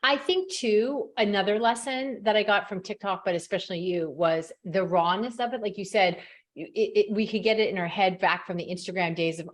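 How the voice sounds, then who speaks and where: A woman's voice: mid-range voice, fairly quick. A woman hosting a podcast interview, chatty and self-mocking, often laughing as she tells stories. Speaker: podcast host. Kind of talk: casual interview talk.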